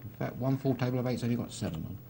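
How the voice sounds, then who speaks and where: A man commentates a live poker broadcast at a middle pitch, chatty and easy with dry asides. A faint ambient hiss runs under his voice. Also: very fast, gravelly, mellow.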